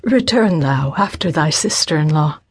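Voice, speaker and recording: A woman's voice: sits low, expressive, moderate pace, breathy edge, heavily acted. A woman voicing a grieving older widow. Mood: pleading. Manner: pleading, sorrowful. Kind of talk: scripted audiobook narration.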